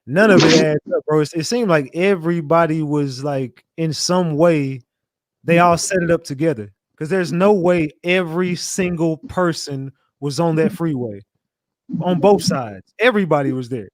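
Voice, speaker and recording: A man hosting a call-in stream, talking bluntly with frequent swearing and thinking out loud. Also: a little high, moderate pace, dry recording, studio quality. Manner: blunt, profane, thinks aloud. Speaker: show host. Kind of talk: casual live-stream talk with callers.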